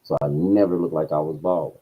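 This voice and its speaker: Man, casual storyteller on a livestream, husky, profane, dull lo-fi audio. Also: fairly even intonation, fairly quick. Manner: profane, swings between low mutters and loud outbursts. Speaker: streamer.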